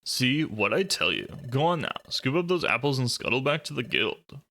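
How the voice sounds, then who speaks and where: A man's voice: mid-range voice, very animated, normal speed, bright, forceful tone, slight background noise. A man voicing a smug, bullying male skunk gang boss in a dude bro voice, reading game dialogue aloud.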